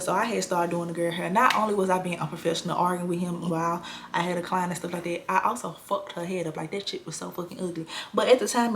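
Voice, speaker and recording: A young woman telling a storytime vlog, blunt and animated, swearing freely in casual slang. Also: fairly low pitch, slight background noise.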